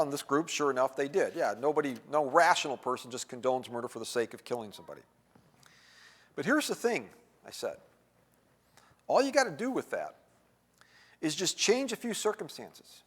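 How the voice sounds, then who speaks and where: Man preaching a sermon in a reverberant church. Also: on the high side. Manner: conversational, rhetorical questions, wide swings in loudness. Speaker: pastor. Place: church sanctuary. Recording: church sanctuary with long reverb.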